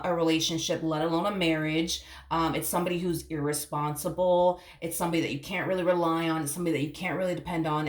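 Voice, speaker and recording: A woman's voice: low-pitched, reverberant. A woman giving a casual tarot reading to camera, blunt and swearing freely, calling the viewer honey. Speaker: tarot reader.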